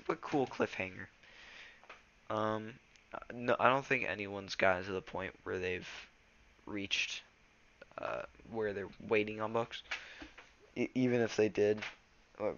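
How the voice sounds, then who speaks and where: A man's voice: on the low side, a bit bright, lo-fi sound. A teenage boy reading a novel aloud and then chatting casually, stumbling over words and restarting them. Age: teens. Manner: loose, rambling chat with fillers. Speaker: reader.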